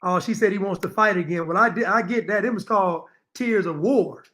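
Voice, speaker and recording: A man's voice: high-pitched, fairly quick, pushed and bright. A man giving opinionated reaction commentary to viewers, repeating his points and addressing them directly. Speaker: commentary streamer.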